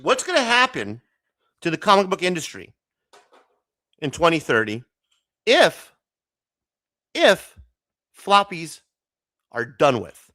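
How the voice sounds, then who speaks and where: A man's voice: a little high, wildly swooping pitch, slow pace, long pauses, bright, forceful tone. A man hosting a casual late-night livestream, chatty and joking, often laughing and swearing. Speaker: livestream host.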